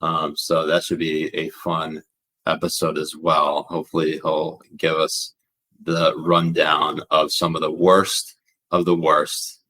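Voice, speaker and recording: A man with a very deep, low voice co-hosts a laid-back podcast. He talks loosely and profanely, trailing off and restarting as he reads out viewer questions. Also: completely flat delivery, takes it slowly, bright, forceful tone. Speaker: podcast co-host. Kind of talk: casual podcast chat.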